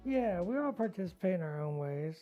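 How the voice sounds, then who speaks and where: Brief: woman, deep voice, loud playful hobby-stream host, muffled lo-fi sound. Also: animated, brisk, soft background music. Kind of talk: casual chat while painting.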